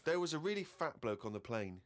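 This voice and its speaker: A man co-hosting a comedy podcast, reading a diary aloud in a dry, deadpan way. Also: on the high side, brisk, a little hiss or hum. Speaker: co-host.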